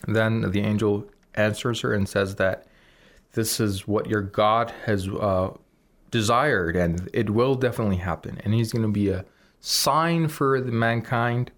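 A man's voice: fairly low pitch, unhurried. A man teaching Quran recitation on a radio program, explaining rules patiently and demonstrating examples.

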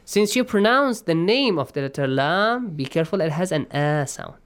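A man teaching Quran recitation rules. He explains patiently, checks in with his students, and chants verses in a slow, stretched way. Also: a little high, lively intonation, fairly bright tone, smooth. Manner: patient, checks in often with "okay?" and "yes?". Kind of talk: online class, explaining and reciting.

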